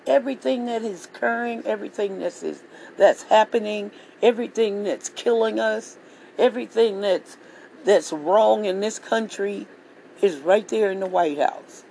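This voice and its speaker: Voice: mid-range voice, moderate pace, gravelly, a little mellow, slight background noise, rough recording. A vlogger delivering a heated political rant monologue, swearing freely and repeating phrases for emphasis. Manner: profane, repetitive, heated ranting.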